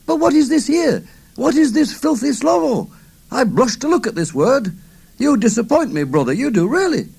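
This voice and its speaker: A cocky young gang leader, as a man reads him aloud, full of mocking courtesy. The voice rides high and swoops theatrically with fake shock and politeness. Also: wildly swooping pitch, moderate pace. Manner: mock-polite, sneering.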